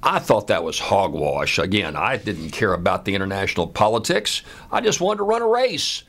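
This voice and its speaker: Older guy from the states, kinda low voice, rambling through an old story with lots of uhs. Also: big pitch swings, gravelly, fairly bright tone. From United States. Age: 70s. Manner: unhurried, conversational, with frequent "uh" fillers. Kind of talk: personal storytelling monologue.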